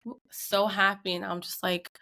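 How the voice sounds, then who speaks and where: A woman's voice: medium pitch, normal speed, vocal fry. A woman in her thirties, a podcast co-host, telling a tense family story in casual chat and acting out the quotes. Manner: animated retelling with acted quotes.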